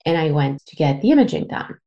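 Woman, 30s, from Canada, podcast host, lower voice, raw candid storytelling with swearing and fillers. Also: big pitch swings, a little fast, highs cut off. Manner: emotional, swearing, lots of fillers. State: tearful at times.

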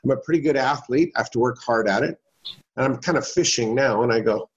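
A man's voice: medium pitch, fairly quick. A middle-aged man telling a personal story as an interview guest, folksy and anecdotal, acting out the people in it. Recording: dull lo-fi sound.

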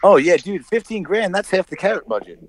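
A man's voice: sits high, animated, brisk, no room sound. A man co-hosting a casual podcast, joking and laughing often. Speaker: podcast co-host. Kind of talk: casual chat.

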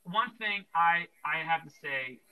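A man's voice: a little high, animated, measured pace, very noisy. A young man hosting a casual Christian podcast, talking earnestly and rambling with lots of fillers and restarts. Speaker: podcast host.

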